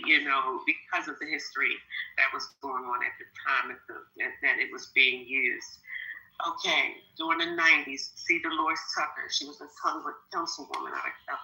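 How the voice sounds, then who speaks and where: A woman arguing her case at length in a podcast debate, insistent and hard to stop. Her voice is lowish for a woman and very bright and forceful. The room gives her a clear echo. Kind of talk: heated debate. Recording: roomy echo.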